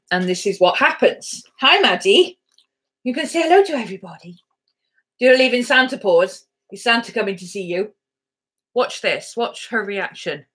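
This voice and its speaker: A woman's voice: medium pitch, a bit bright. A woman vlogger chatting casually to camera, rambling through a story and cooing baby talk at her dogs.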